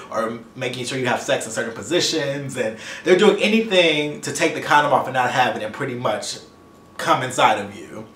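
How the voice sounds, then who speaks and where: A young man talks straight to his camera, rattling off a personal story at speed. His delivery is animated and loose, with stumbles and the odd curse. The room has a noticeable echo, and his voice sits at an everyday middle pitch. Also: slight background noise. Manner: fast, animated, swearing, stumbles over words. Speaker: vlogger.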